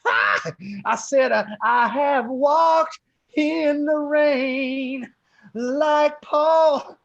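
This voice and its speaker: A man doing a high, shouting tent-revival preacher. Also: steady tone, creaky, dry recording, highs cut off, heavily acted. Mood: preaching. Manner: drawn-out shouted preaching with "ah" between phrases.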